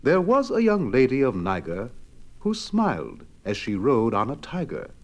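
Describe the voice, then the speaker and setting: A man reading limericks aloud in a lively sing-song recitation. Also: medium pitch, normal speed. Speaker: poetry reader.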